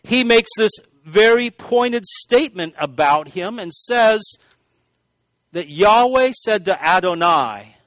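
A man's voice: sits high, expressive, slow pace, fairly bright tone, dry recording. A man preaching a sermon in a conversational way, full of asides and restarts. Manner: conversational, self-deprecating asides, frequent restarts. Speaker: pastor.

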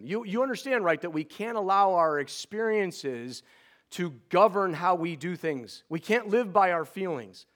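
A middle-aged man preaching a sermon as pastor, earnest and pleading, often restarting words in quick repeats. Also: high-pitched, very animated, a bit bright.

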